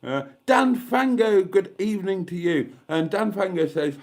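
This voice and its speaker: This man's high voice swings widely in pitch, and he talks a little slowly with few pauses. Congested from a head cold, he hosts a relaxed live stream from a caravan warmed by a gas fire, reading out comments and poking dry fun at himself.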